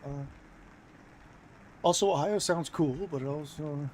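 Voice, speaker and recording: A man's voice: a little high, a little slow, darkish tone, a little hiss or hum, poor audio. A young American man streaming and chatting casually, rambling with many fillers and restarts. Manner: rambling, filler-heavy, self-interrupting.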